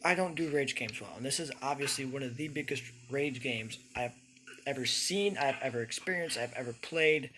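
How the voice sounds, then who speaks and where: A man's voice: mid-range voice, bright, forceful tone, slight background noise. A young man giving frustrated, swearing let's-play commentary from his room, ranting and exasperated. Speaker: gaming YouTuber.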